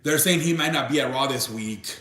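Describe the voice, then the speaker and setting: Speaking fairly quickly in a pushed, bright, medium-pitched voice, a young man hosts a laid-back live stream. The room is echoey, and he rambles and restarts his sentences as he reacts to chat.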